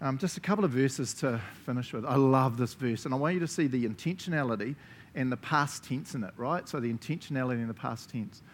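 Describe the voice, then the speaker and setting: A male pastor with a New Zealand accent delivers a lively sermon at a middle pitch, laughing often between phrases. He talks straight to his listeners, checking in with them again and again. A faint low rumble sits behind his voice. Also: fast talker.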